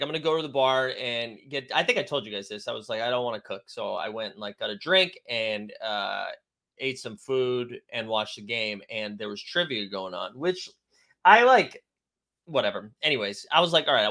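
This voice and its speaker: Young man, casual stream host, rambling and jokey, highly animated pitch, bright tone. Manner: rambling, jokey, self-mocking asides. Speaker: podcast host. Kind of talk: casual live-stream chat.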